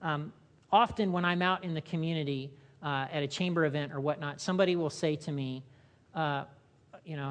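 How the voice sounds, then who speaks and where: A woman's voice: low voice, steady tone, brisk. A woman pastor preaching a sermon in a conversational style, asking the congregation questions and acting out short voices. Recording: long hall reverb.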